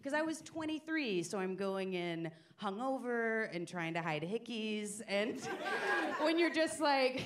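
A woman's voice: fairly high pitch, big pitch swings, measured pace, a faint crowd, slight background noise. A woman comedian in her forties telling self-deprecating stories on stage, acting out the quotes. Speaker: stand-up comedian. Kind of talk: stand-up comedy storytelling. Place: comedy stage before a live audience. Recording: live audience laughter behind.

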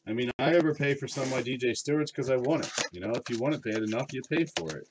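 Heavy background noise surrounds a man speaking quickly at a medium pitch. He's hosting a card break live stream, rambling casually to viewers while reading card names out loud.

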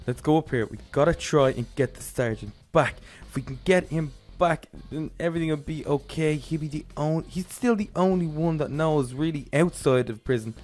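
A young man with a mid-range voice hosts a game role-play, narrating each move in character. When the action heats up, he gets loud and excited.

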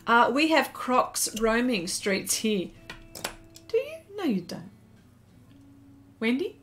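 A woman's voice: on the high side, wildly swooping pitch, slow, long pauses, fairly bright tone, faint music behind. An Australian woman hosting an art live stream, chatting casually and reading viewer comments aloud as she draws.

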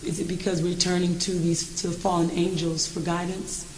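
Woman in the audience asking a question, soft and a bit hesitant, roomy echo, light hiss. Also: fairly low pitch, flat delivery, moderate pace.

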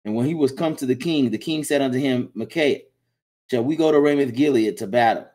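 A man reading Bible passages aloud in a plain, steady way, with small slips. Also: medium pitch, a little fast. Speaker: scripture reader.

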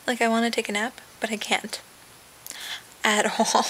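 A woman's voice: fairly high pitch, monotone, moderate pace, pauses often, bright, forceful tone, a little hiss or hum, poor audio. A young woman vlogging casually from her bed, rambling with lots of fillers and trailing asides. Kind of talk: casual webcam vlog. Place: sitting in bed at home. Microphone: webcam.

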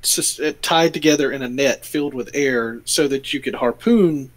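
A man voicing a persuasive, smooth-talking male adventurer in a tabletop game. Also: mid-range voice, normal speed, lightly acted. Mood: earnest.

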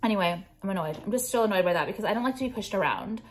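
A young woman talks straight to her viewers in a loose, unscripted vlog. She swears freely, rants bluntly and fills pauses with "um" and "like", and her pitch sits in an ordinary middle range. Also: lively intonation. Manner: profane, blunt, ranting with frequent fillers. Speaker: jewelry designer and vlogger. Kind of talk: casual ranting vlog.

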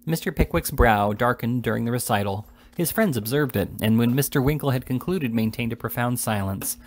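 A man reading a classic novel aloud in a steady, measured storytelling manner. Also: mid-range voice, a little hiss or hum. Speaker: reader. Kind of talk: audiobook narration of a classic novel.

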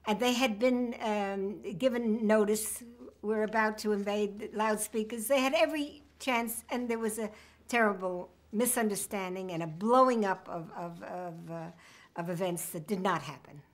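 A woman's voice: medium pitch, moderate pace. A woman, reminiscing in an oral history interview with a wry sense of humor. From United States.

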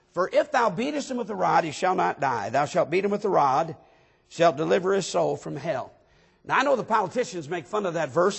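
High, gravelly-voiced preaching pastor. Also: male voice. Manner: preaching with emphatic rises to near-shouting; reads scripture aloud in King James wording. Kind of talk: sermon.

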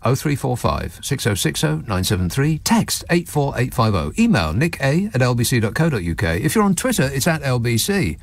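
Sardonic radio host, dry studio sound. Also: male voice, medium pitch, fairly quick, creaky, hardly any pauses, no echo. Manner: sarcastic, mocking, lively asides. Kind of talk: sardonic talk radio monologue.

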